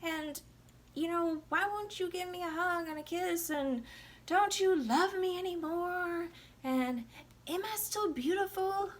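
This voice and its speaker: A tipsy woman voicing a vain, nagging young wife who demands attention in a high whine. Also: unhurried. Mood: whiny.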